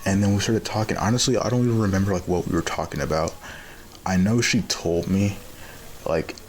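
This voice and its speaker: A man's voice: low-pitched, a little fast, rough recording. A young man telling a casual story-time tale, rambling and profane with lots of fillers and restarts. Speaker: vlogger.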